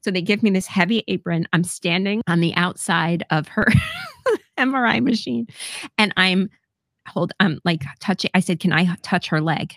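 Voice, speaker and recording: A woman's voice: fairly low pitch, huge pitch swings, moderate pace, a bit bright, dry recording, clean studio sound. A middle-aged woman telling a personal story on a podcast in a candid, casual way, swearing freely and laughing often. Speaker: podcast co-host.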